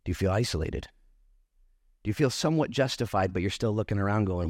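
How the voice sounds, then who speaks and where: A man preaching a sermon as pastor, conversational and animated, acting out the people he quotes. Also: low voice, quick pace, dry recording, clean studio sound.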